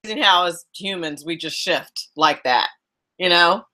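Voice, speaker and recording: Bright-voiced woman radio host. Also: on the low side, moderate pace. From South Jersey, US. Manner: warm chatty storyteller, many restarts, laughs easily. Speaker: radio talk show host. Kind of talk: casual radio interview chat.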